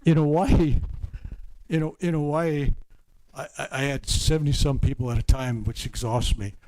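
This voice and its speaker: An older reverend leading a healing service, rambling through anecdotes with stumbling restarts and dropping to a hushed murmur for healing prompts. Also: male voice, on the high side, steady tone, moderate pace, rough recording. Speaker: faith healer reverend.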